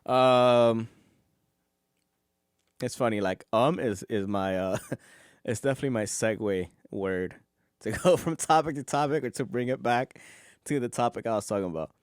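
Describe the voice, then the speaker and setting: A man's voice: medium pitch, normal speed, pauses often, clean tone, no room sound, clean studio sound. A man hosting a solo podcast, rambling casually, swearing, and laughing as he goes. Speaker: podcast host.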